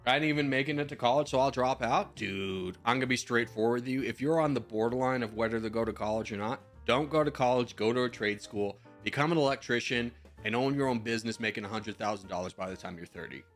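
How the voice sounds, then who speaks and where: A man's voice: medium pitch, fast talker, few pauses, soft background music. A man in his twenties, a streamer in casual chat, giving rambling advice with slang and the odd swear while answering viewer messages.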